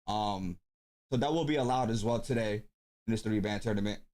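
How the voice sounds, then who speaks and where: A man hosting a tournament live stream, talking casually and thinking aloud with frequent pauses and ums. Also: on the low side, darkish tone. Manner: laid-back, thinks aloud with many ums.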